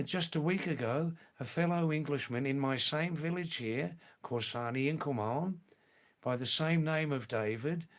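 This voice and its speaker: A man born in England hosting a live stream, answering viewer comments in a slow, halting way that repeats phrases. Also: on the high side. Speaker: livestream host.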